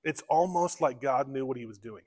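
A man with a medium-pitched, slightly mellow voice preaches a sermon as a pastor at a normal pace, earnest and conversational, frequently restarting his phrases. He is in a church sanctuary, and the recording carries a long hall reverb.

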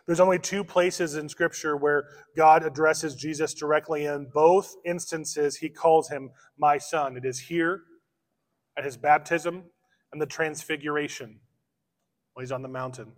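A man preaching an expository sermon as pastor, slowing down to stress key phrases. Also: a little high, fairly even intonation. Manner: expository preaching, slows for emphasis. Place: church sanctuary. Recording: long church reverb.

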